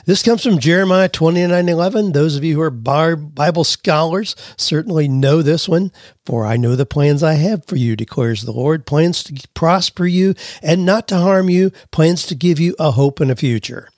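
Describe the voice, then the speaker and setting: The host of a career podcast, a man with a high-leaning, darkish voice, talks at normal speed in casual conversation full of "you know" and "well." He experiments with how emphasis changes what words mean. Studio quality, with no echo.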